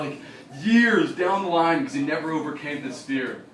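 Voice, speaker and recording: Young male stand-up comic, high lively voice that jumps around, excitable and swearing; roomy bar recorded from afar with a laughing crowd. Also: fairly quick, distant mic. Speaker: stand-up comedian. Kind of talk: stand-up comedy set. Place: small bar stage with live audience.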